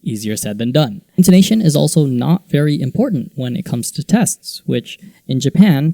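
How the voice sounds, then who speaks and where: A man's voice: mid-range voice, dark tone, no room sound. A man who teaches English, explaining teaching methods in an earnest instructional video, now and then acting out exaggerated example lines. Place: teaches in Japan.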